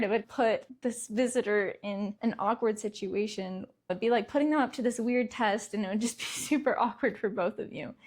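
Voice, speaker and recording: A woman's voice: on the high side, a little mellow. A young adult woman hosting a parenting podcast, talking casually and laughing lightly between words. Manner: conversational, laughs lightly mid-sentence. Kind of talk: casual solo talk.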